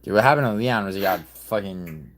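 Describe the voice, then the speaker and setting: A man's voice: on the low side, expressive, brisk, a little hiss or hum. A man calling into a live stream, chatting casually with short blunt interjections. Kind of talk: casual chat.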